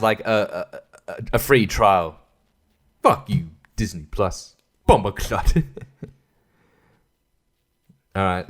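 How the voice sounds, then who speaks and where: A man's voice: mid-range voice, clean tone. Rambling, cursing Australian man. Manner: profane, rambling, stumbling restarts. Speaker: podcast host. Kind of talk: casual solo rant.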